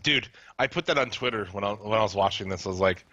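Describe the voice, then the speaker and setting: A man's voice: lowish voice, fast, hardly any pauses, pushed and bright, dry recording. Profane, blunt man on a lo-fi stream. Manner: profane, blunt, laughs often. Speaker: podcast co-host. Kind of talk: casual chat.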